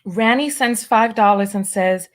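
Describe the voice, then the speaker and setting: A woman's voice: medium pitch, unhurried. A woman hosting a casual livestream, nervous and stalling, repeating herself as she reads viewer comments aloud. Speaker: livestream host.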